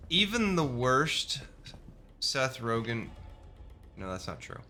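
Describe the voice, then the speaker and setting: A man commentating his live gameplay stream, animated and swearing, trash-talking the enemies. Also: mid-range voice, slow. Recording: loud game music behind.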